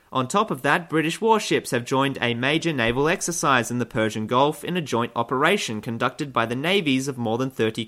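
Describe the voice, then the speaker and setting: A man's voice: medium pitch, pushed and bright. A man hosting satirical news commentary, delivering figures straight and then cutting in with sarcastic, mock-cheerful jokes. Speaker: comedy news host.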